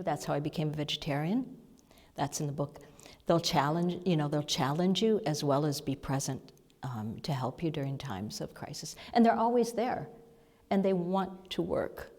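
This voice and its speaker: A woman minister giving a conversational sermon lesson, seated before the congregation, with soft, halting storytelling and breathy asides. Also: low voice. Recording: long reverb of a large hall.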